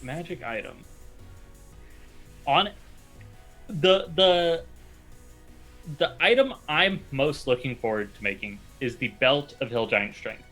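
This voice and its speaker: A man's voice: medium pitch, animated, slow, long pauses, a bit bright, soft background music. A man talking as a guest on a podcast about his tabletop game character, easygoing and going along with the jokes.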